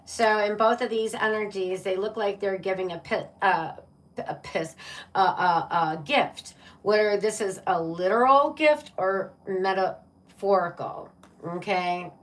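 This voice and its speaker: Slow, chatty woman reading tarot. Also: medium pitch, recorded from a distance. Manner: chatty and playful, laughs often, talks to viewers as "my love" and "baby". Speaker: tarot reader. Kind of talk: casual live-stream tarot reading.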